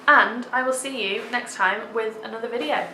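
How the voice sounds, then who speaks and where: A woman's voice: fairly high pitch, normal speed, bright, forceful tone, echoey room, slight background noise, low-quality recording. A young woman vlogging a theatre review, gushing with enthusiasm and dropping lots of "like"s. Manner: gushing, enthusiastic, many filler "like"s. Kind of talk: casual theatre review vlog.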